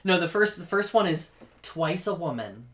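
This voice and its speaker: A woman's voice: lowish voice, expressive, normal speed. A woman co-hosting a podcast, telling stories in casual chat and laughing often. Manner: chatty, laughing storyteller. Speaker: podcast co-host.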